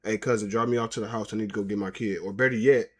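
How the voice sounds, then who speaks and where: A man with a fairly low voice gives blunt opinions in an easy, slangy commentary style, lecturing as if talking straight to the person on screen. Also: steady tone, racing. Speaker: reaction commentator. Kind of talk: casual commentary.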